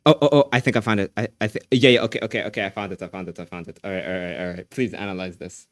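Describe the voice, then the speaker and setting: A man livestreaming, chatting casually with his viewers, excitable and repeating phrases as he laughs often. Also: deep voice, racing, no echo, clean studio sound.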